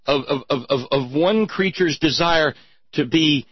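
A man's voice: on the high side, a little slow, slightly rough, no room sound, highs cut off. A man delivering a sarcastic, mocking commentary monologue with theatrical emphasis.

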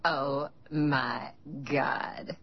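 Gravelly, sarcastic old vampire woman. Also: rumbling low, fairly even intonation, very slow, full character voice. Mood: sardonic. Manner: dry, cutting sarcasm. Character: sardonic centuries-old female vampire. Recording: muffled TV audio with loud score.

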